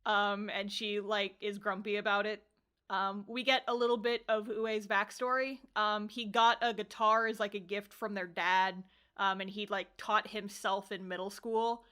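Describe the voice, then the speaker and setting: A young woman co-hosting a podcast, casually recapping an anime episode with animated storytelling, acting out characters' lines, laughing and swearing. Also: medium pitch, normal speed, clean tone. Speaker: podcast co-host reviewing anime.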